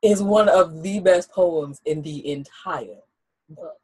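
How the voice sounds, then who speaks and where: A woman's voice: lowish voice, slow, a little mellow, breathy edge, rough recording. A woman author co-hosting a book chat while she has a cold, adding short remarks and laughing asides. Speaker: author and co-host.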